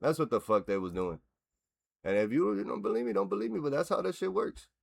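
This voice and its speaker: A man's voice: mid-range voice, fast, creaky. A man hosting a reaction video, ranting bluntly and with lots of swearing as he breaks down a fight. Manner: profane, blunt, animated ranting. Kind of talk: casual fight reaction rant.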